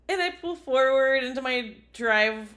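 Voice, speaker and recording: A woman's voice: high voice, a bit bright. A woman co-hosting a casual podcast chat, animatedly telling a story and laughing at herself. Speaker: podcast co-host.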